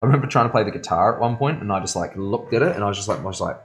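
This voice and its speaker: Picture a tattoo artist mid-session, talking to his live-stream audience in an easy, loose, rambling way. He is a man with a fairly low voice who throws in a lot of "bro" and laughs easily. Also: lively intonation, racing. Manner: laid-back and rambling, calls viewers bro, laughs often. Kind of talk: casual live-stream chat while working. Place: tattoo studio.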